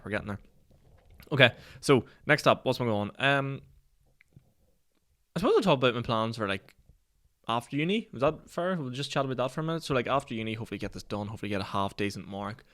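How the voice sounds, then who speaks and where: A Northern Irish man in his twenties hosts a solo podcast, his voice fairly low and slightly bright. In casual chat he spins rambling, self-deprecating stories, swearing often and laughing a lot.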